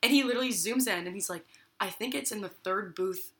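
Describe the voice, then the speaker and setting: A woman's voice: medium pitch, fast talker, crowd noise. A young woman telling a long story in casual chat, acting out what people said and using "like" a lot. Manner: lively storyteller, acts out quotes with many "like"s.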